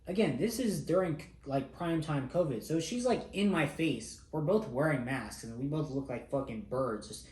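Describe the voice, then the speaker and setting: A man's voice: fairly high pitch, lively intonation, normal speed, few pauses, a little mellow. Laid-back young man telling a story. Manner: laid-back, swears freely, self-mocking. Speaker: vlogger. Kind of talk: casual storytelling. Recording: roomy echo.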